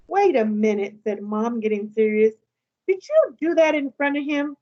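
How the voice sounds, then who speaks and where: In a somewhat muffled recording, a teacher reads aloud from a children's novel to her class at a normal speed. Her voice is fairly high, and she reads with lively expression, giving each character's speech some life.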